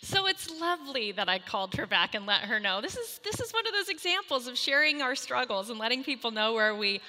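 A woman in her thirties telling a humorous, self-mocking story to a moms' group, animated and acting out the voices in her quotes. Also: fairly high pitch, a little fast, big-room sound.

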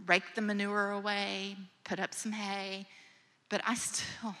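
A woman, a mother herself, retelling a scripture story as a gentle, imaginative sermon with hushed moments. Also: medium pitch, little pitch movement, slow. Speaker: preacher or speaker. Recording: long hall reverb.

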